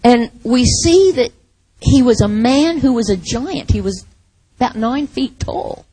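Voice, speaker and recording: A woman preaching a sermon, telling a Bible story with lively acted-out asides. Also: a little high, a little slow, husky, low-quality recording.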